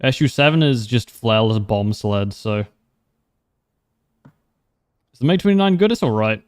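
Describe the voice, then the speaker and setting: A man's voice: fairly low pitch, expressive, normal speed, clear, resonant tone, no echo. A young man livestreaming a game, chatting casually with wry humor, laughing often and answering viewers' questions. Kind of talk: casual gameplay commentary.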